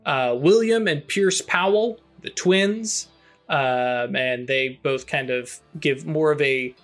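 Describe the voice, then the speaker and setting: Slow, hesitant male game master. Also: on the high side, a bit bright, faint music behind. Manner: slow, halting, many fillers and restarts. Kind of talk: running a tabletop game over voice chat.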